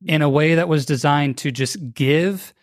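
Man, podcast guest, energetic, slightly higher voice, acts out quotes. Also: a little slow, dry recording, clean studio sound. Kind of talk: podcast interview.

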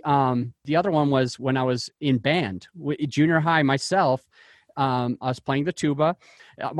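Real estate investor, male, earnest interview storyteller with a higher voice and a dry sound, who often backtracks mid-sentence. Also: dry recording. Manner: earnest, with frequent restarts and fillers.

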